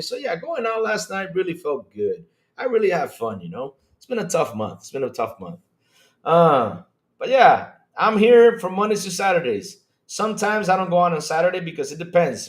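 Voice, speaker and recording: Animated man hosting a gaming stream. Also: a little high. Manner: animated and rambling, swears when worked up. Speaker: podcast host reading live chat. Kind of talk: casual livestream chat.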